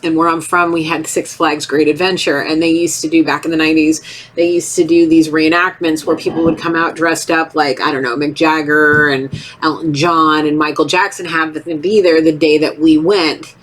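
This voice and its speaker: A woman's voice: sits low, moderate pace, slight background noise. A woman in her thirties giving a casual, rambling tarot reading, often acting out little voices. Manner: rambling, animated, acts out voices. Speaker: tarot reader.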